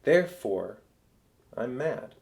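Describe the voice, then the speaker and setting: A man reading aloud and voicing a mischievous grinning cat with a calm, teasing manner. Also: mid-range voice, slow, gravelly, full character voice.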